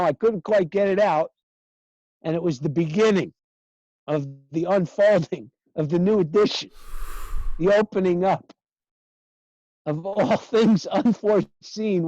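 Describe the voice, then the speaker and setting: A middle-aged man telling a story in casual conversation, animated and acting out past dialogue. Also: sits high, no echo, lo-fi sound. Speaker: guest recalling early sessions.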